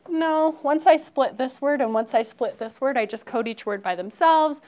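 A young woman teaching a phonics lesson to first graders in a classroom, upbeat and encouraging, slowly drawing out words as she models them. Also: on the high side, animated. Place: elementary classroom.

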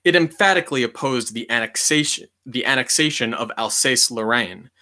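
A man reading a history book aloud in a measured, deliberate way, leaning on key words for emphasis. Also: medium pitch, pushed and bright.

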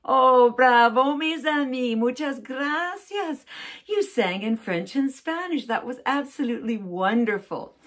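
A woman's voice: mid-range voice, breathy edge. A woman teaching children's songs, cheerful and encouraging, explaining each step patiently.

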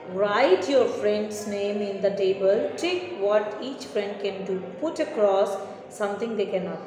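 A woman teacher, giving an online lesson to young children and explaining slowly with repeated checks like "okay?". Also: mid-range voice, darkish tone. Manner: slow, repetitive explaining with question tags. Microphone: online class recording. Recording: echoey room with long reverb.

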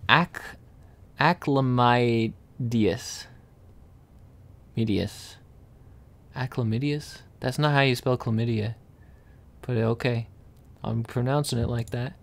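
A man casually reading dictionary words aloud, slowly sounding out hard ones, stumbling, correcting himself and adding dry amused asides. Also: mid-range voice, steady tone, vocal fry.

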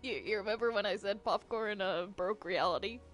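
A woman playing a game roleplay in casual chat, laughing often and protesting with rapid repeated no's. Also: mid-range voice, faint music behind. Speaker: player narrating a game roleplay.

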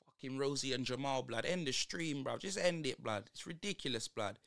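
A man's voice: medium pitch, lively intonation, normal speed, gravelly, fairly bright tone. A young man, ranting in slang through a live football watch-along stream. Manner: exasperated, slangy ranting at the match.

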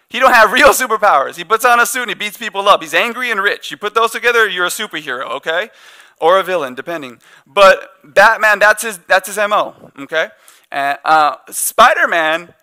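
A man delivers a sermon in church with a loose, conversational touch, dropping joking asides as he goes. His voice sits high and sounds very bright and forceful. He talks like he's chatting with the congregation. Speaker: pastor.

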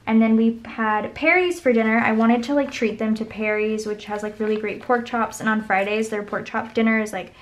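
A woman's voice: on the high side, steady tone, fairly quick, hardly any pauses. A young woman vlogging casually as she decorates her planner, telling stories in a chatty, rambling way full of fillers. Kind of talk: casual plan-with-me chat.

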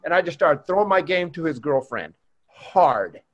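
A man in his fifties, a former pro baseball player, chatting as a podcast guest and telling relaxed, expressive stories. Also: a little high, normal speed. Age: 50s. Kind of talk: casual chat. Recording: dull lo-fi remote audio.

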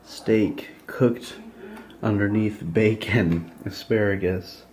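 A man's voice: fairly low pitch, fairly even intonation, slow pace, background noise. A young man narrating his day to the camera in an upbeat, casual way. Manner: upbeat, talks straight to the camera. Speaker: vlogger.

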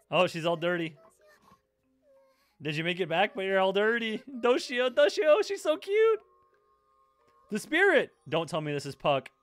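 A man's voice: high voice, fairly bright tone, no room sound. A young man hosting an anime reaction, blurting questions, swearing at the screen and cooing over cute moments. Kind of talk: live anime reaction commentary.

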